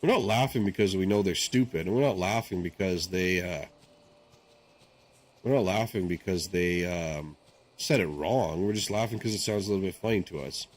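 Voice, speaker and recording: A man with a fairly low voice chats casually while he streams a game. He rambles from point to point and keeps tossing in "right?" to check in with his viewers. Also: normal speed, a little hiss or hum. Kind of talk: casual chat while gaming.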